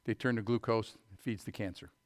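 A middle-aged man preaching a sermon, telling folksy stories before reading scripture in a loud, emphatic voice. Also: fairly low pitch, steady tone, a little fast. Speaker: pastor.

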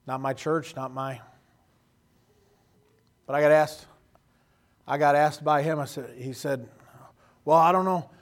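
A man's voice: mid-range voice, flat delivery, unhurried, long pauses. A man preaching a sermon in a folksy, joking way, acting out quoted voices. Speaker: pastor.

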